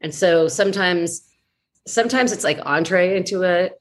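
A woman's voice: lowish voice, moderate pace. A woman voice actress chatting in an interview, playful and self-mocking, often restarting her sentences. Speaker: voice actress guest. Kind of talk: casual interview chat.

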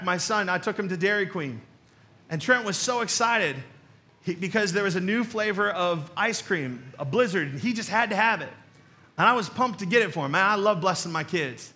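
A man's voice: sits high, sharp tone. A man preaching a sermon as pastor, conversational and emphatic, with joking asides, rhetorical questions and repeated key phrases.

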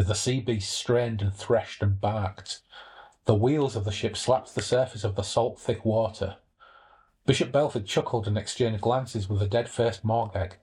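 A man, hosting a podcast and summarizing a novel in relaxed, chatty talk, with passages read aloud. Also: fairly low pitch, husky. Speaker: podcast host.

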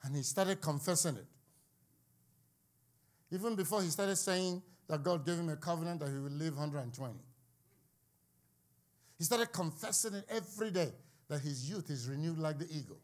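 High-voiced man preaching with fervor. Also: normal speed, long pauses. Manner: impassioned, building to shouts, with joking asides. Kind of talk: sermon.

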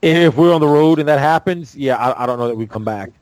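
Halting man talking sports. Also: fairly high pitch, darkish tone, dry recording, rough recording. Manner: halting, repeats words while thinking. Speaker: co-host. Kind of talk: casual sports talk.

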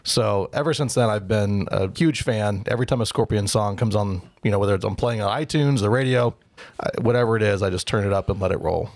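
A young adult man co-hosting a casual podcast, talking in an earnest, unhurried way. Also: fairly low pitch, darkish tone, no echo. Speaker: podcast co-host. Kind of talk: casual chat.

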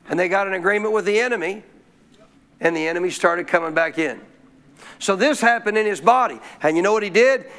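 A man preaching a sermon as pastor, telling a story with lively questions to the congregation. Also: high voice. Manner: animated storytelling, asks the crowd questions.

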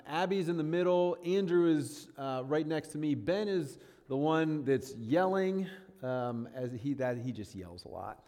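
A man in his thirties giving a casual sermon-style talk as a guest speaker, chatty and self-deprecating, often checking in with listeners. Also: on the high side. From northern New York State. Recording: long hall reverb.

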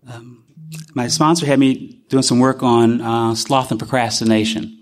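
A middle-aged man giving an emotional personal testimony at a recovery gathering, earnest and halting, often restarting his sentences. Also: medium pitch, steady tone. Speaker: recovery speaker.

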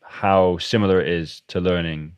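A man's voice: low-pitched, steady tone, normal speed, clean tone, dry recording, highs cut off. A man from the UK hosting a podcast, chatting casually and rambling through restarts while acting out little dialogues. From United Kingdom. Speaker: podcast host. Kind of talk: casual conversational interview.

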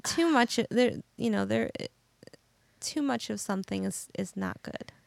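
A woman's voice: medium pitch, a little slow, gravelly, dry recording. A woman co-hosting a casual podcast, telling stories in a giggly, rambling way. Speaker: podcast co-host. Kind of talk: casual chat.

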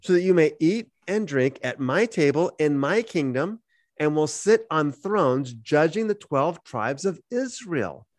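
A man's voice: a little high, measured pace, no room sound, clean studio sound. A man co-hosting a podcast who reads Bible verses aloud and explains them in a conversational teaching style. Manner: animated, reads scripture aloud then explains it.

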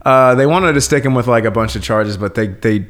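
A man's voice: medium pitch, fairly quick, fairly bright tone. A young man in casual podcast chat, rambling, swearing a lot and laughing often.

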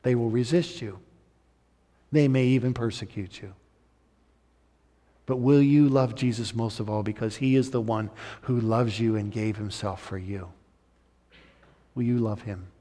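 A man's voice: mid-range voice, fairly even intonation, a little slow, pauses often. Male pastor preaching in a reverberant hall. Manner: swings from loud urgent emphasis to soft intimate appeals. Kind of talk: sermon.

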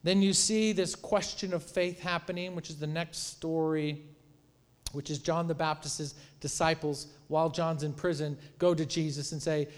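A man preaching a sermon in a conversational, animated way, retelling stories and acting out quotes. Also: a little high, normal speed, in a large hall. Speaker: pastor.

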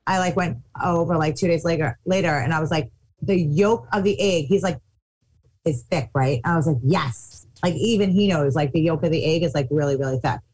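A woman's voice: sits low, brisk, breathy edge, low-quality recording. A woman telling a funny anecdote in casual chat, acting out the voices of the people in it. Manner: animated, acts out quotes.

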